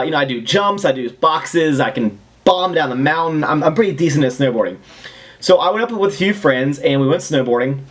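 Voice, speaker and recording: A young man casually telling a rambling, animated story to the camera at home. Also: fairly high pitch. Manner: animated, rambling, acts out other people's lines. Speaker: fitness vlogger.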